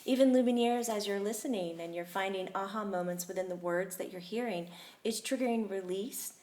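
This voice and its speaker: A woman's voice: medium pitch, a little fast, a little mellow. A woman hosting a talk show, chatting casually and closing with upbeat thanks to her listeners. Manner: upbeat, effusive sign-offs to listeners. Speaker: host.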